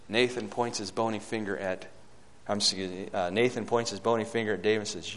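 A man preaching a sermon in a mid-range voice. He swings between loud, fervent climbs and quiet, hushed stretches. When he reads scripture aloud, he gives the old wording a measured cadence. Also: mid-range voice, expressive.

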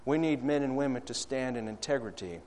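A man preaching a sermon, rising to loud, high-pitched calls and dropping to soft, low appeals, acting out quoted prayers and questions. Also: fairly quick, a little hiss or hum.

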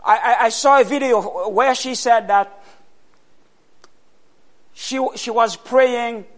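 A man preaching a sermon, asking the congregation questions and answering them himself, with loud bursts of emphasis. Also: very high-pitched, takes it slowly.

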